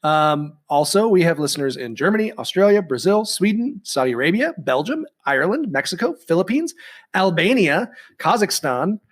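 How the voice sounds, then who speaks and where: A man's voice: sits high, big pitch swings, normal speed. A man co-hosting a casual podcast, rambling and chatty with lots of ums and restarts. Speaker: podcast co-host.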